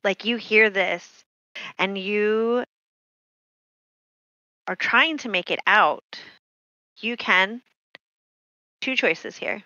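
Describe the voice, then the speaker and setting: A woman running a tabletop horror game, taking her time and pausing on fillers. Her voice is bright and forward. The recording is dry and a little dull, like a modest home mic. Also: mid-range voice, dry recording. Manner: unhurried, hesitant with many fillers. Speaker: game master.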